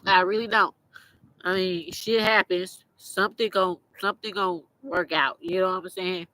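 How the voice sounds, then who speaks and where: A woman's voice: on the low side, steady tone, moderate pace, pushed and bright, poor audio. Blunt, profane, teary woman host. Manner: blunt, profane, rambling with many restarts. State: teary-eyed. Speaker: podcast host. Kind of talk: casual motivational monologue.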